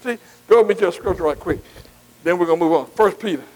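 Pastor, male, high voice, call-and-response preacher who quizzes his congregation from the pulpit. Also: expressive, fast, darkish tone, poor audio. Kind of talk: sermon. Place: church.

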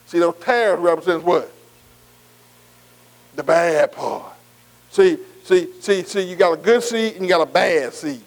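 High-voiced preacher, call-and-response. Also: male voice, measured pace, long pauses, rough recording. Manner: repeats "am I right?" to the congregation.

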